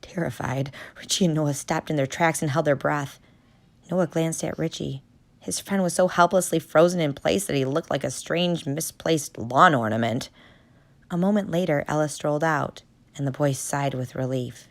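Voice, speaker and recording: A woman narrating a children's storybook in a measured, steady reading. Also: low-pitched. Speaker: audiobook narrator.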